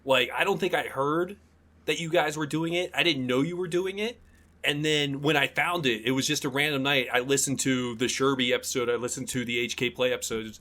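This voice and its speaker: A man joins a podcast as a guest and chats casually. He tells his stories with enthusiasm and animation. His voice sits at a middle pitch for a man. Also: fairly quick, sharp tone.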